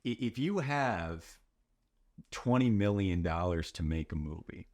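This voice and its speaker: A man in casual podcast chat, laying out his view in a measured, reasoned way. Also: low-pitched, expressive, a little mellow.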